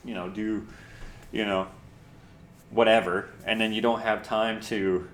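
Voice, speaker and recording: A man's voice: on the low side, fairly even intonation, unhurried, reverberant. A man co-hosting a podcast in casual chat, easygoing and talking in long run-on thoughts. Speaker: co-host.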